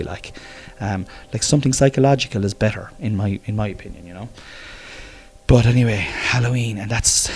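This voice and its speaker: An Irish vlogger with a fairly low, darkish voice goes on a casual rant. He swears freely, rambles, and throws in jokes as the monologue goes on.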